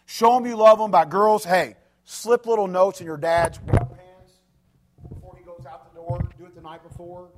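Middle-aged preacher, high voice, animated delivery that dips quiet and then shouts. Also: male voice, normal speed. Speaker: pastor. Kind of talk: sermon.

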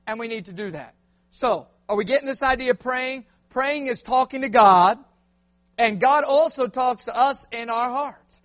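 A man preaching a lively sermon in a church, calling on the crowd to answer him back. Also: very high voice, moderate pace, muffled recording. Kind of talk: lively call-and-response sermon.

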